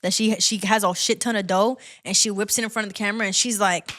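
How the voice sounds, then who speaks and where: A woman's voice: medium pitch, steady tone, fast, fairly bright tone. A woman hosting a podcast in casual chat, rambling off on tangents and giggling. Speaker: podcast host.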